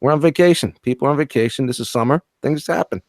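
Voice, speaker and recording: A man's voice: mid-range voice, fast talker, a little mellow, no room sound, clean studio sound. A man co-hosting a casual toy unboxing show, joking, swearing and reading viewer comments aloud. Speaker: co-host of a toy collector show.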